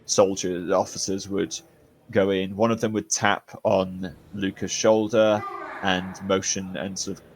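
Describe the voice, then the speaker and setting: A man narrating scenes as dungeon master in a relaxed, descriptive way. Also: sits low, a little slow, a little hiss or hum. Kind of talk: narrating a tabletop game.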